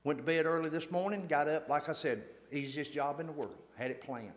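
A man's voice: on the high side, fairly quick. Folksy man telling a church story. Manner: folksy, self-deprecating, repeats phrases for emphasis. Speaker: church lay speaker.

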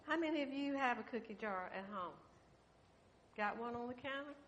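An older woman giving a children's sermon in a church, telling a story gently and asking the children questions. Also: a little high, expressive, normal speed, highs cut off, slight background noise. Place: church sanctuary.

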